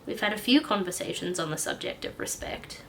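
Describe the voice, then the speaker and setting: A calm, patronizing male doctor who murmurs softly, as a woman reading a story puts him on. His voice sits a little low and hushed. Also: brisk, a little hiss or hum. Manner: soft-spoken, murmuring.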